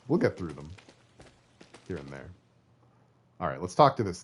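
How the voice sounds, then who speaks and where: A man's voice: deep voice, sing-song, moderate pace, pauses often, a little hiss or hum. A man streaming a video game, rambling and joking to his viewers as he plays. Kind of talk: casual gaming commentary.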